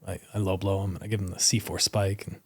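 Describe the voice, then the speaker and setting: A man in his thirties, a wrestler guest in an interview, telling a story in a casual, animated way with plenty of fillers. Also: low voice, fast talker, breathy edge. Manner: animated, rambling anecdote with many fillers.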